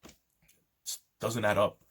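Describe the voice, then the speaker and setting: A man's voice: drawn-out words, fairly bright tone. A man delivering an indignant, profane monologue to his audience. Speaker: video host. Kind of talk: angry monologue.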